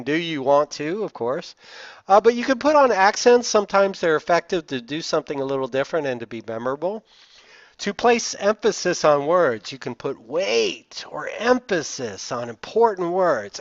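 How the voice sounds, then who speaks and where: A man's voice: fairly high pitch, animated, normal speed, dry recording. A man from the Southern United States with a Southern accent, lecturing over slides with emphatic stress on key words and frequent "uh" fillers. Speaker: instructor. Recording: dull, dry lo-fi sound.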